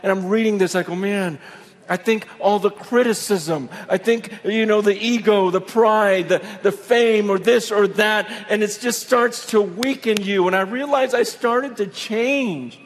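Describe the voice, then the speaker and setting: A middle-aged man preaching a sermon, telling a personal story with emotion, dropping to a hush and then building to fervent emphasis. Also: high-pitched, unhurried. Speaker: pastor.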